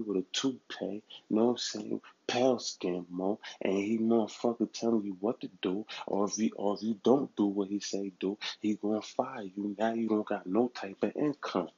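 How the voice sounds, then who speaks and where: A man's voice: mid-range voice, mellow, breathy edge. A man delivering a heated street monologue, repetitive and slangy, stumbling over words when worked up. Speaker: vlogger giving street advice. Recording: dull lo-fi recording.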